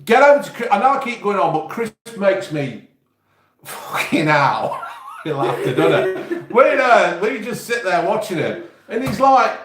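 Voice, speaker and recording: This English YouTube host speaks in a high, sing-song, slightly slow and somewhat bright voice with noticeable reverb. He chats to his live stream viewers in an East Midlands accent, wandering off topic and cursing offhandedly.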